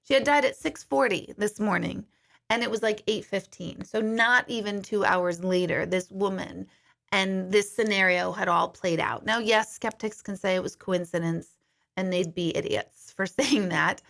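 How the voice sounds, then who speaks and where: Middle-aged woman hosting a casual livestream; bright, lively, chatty, a bit profane. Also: mid-range voice, moderate pace, gravelly. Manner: chatty, animated, swears casually. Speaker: livestream host, medium. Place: home kitchen.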